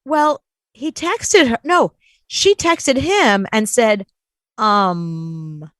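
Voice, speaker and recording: A woman's voice: fairly high pitch, extremely slow, dry recording. A woman co-hosting a show, telling a story in casual chat and acting out the people she quotes. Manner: animated, acts out quoted voices. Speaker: co-host.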